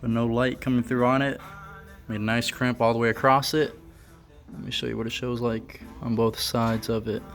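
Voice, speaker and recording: A man's voice: medium pitch, flat delivery, moderate pace, faint music behind. A man talking casually to camera about his car project, offhand and thinking aloud with a few fillers. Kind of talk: casual workshop vlog.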